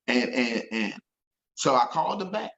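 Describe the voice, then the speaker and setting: A man's voice: medium pitch, very animated, moderate pace, a bit bright, muffled recording. A man telling an emotional story as an interview guest, earnest and repeating himself when moved.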